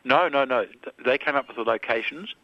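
A man's voice: medium pitch, a little fast, no room sound, dull audio. A man in his seventies with an Australian accent, a filmmaker answering interview questions thoughtfully, with hesitations and restarts. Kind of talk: reflective radio interview.

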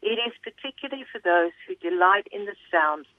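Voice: mid-range voice, lively intonation, a little fast, no echo. Reviewer reading aloud over a tinny line. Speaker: book reviewer. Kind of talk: scripted book review read aloud. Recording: tinny phone-like line, dry.

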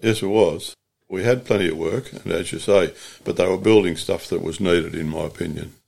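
This is an older Australian man with a very deep, gravelly voice. He is a union organiser being interviewed, and he recalls his working years in a plain-spoken way, often stopping to correct himself. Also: normal speed, a little mellow. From Latrobe Valley, Australia. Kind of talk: reflective interview storytelling.

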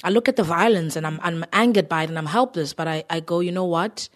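A woman with a fairly low voice talks about her play in a measured, reflective way. She is earnest and takes her time. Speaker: stage actress. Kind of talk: interview answer.

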